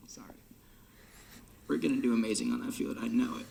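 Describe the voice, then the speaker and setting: A teenage drum major speaks in a mid-range, gravelly voice. He fights back tears, sighs, and slips into a whisper as he thanks his band. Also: medium pitch, steady tone, fairly quick, dark tone, a little hiss or hum. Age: late teens. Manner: choked up, often dropping to a whisper, sighing. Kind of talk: emotional farewell speech. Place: band room.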